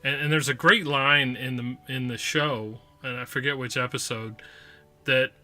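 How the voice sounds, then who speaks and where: A man's voice: mid-range voice, steady tone, normal speed, bright, forceful tone, faint music behind. A man hosting his own podcast, talking casually and playfully with lots of repetition and asides. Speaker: podcast host. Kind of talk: casual solo review.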